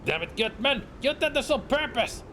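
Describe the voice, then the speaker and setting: A man voicing a furious, unhinged male outlaw in a horror game, with frantic shouting. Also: very high-pitched, big pitch swings, normal speed, a little hiss or hum, pitched above the performer's own voice, full character voice.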